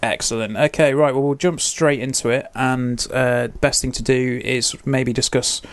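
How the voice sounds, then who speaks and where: A man's voice: mid-range voice, fairly even intonation, normal speed, no echo. A man hosting a casual podcast, easygoing and steering the conversation. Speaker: podcast host. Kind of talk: casual chat.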